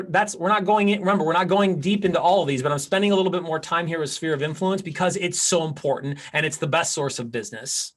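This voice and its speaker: A man teaching a live class as a real estate coach, talking energetically and restarting often. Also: fairly high pitch. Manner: energetic, animated, with many restarts.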